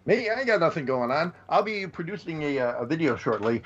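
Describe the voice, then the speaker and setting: A man, a podcast guest, talking in an easygoing, halting way, searching for words. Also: a little high, very animated, breathy edge, lo-fi sound. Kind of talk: casual film chat.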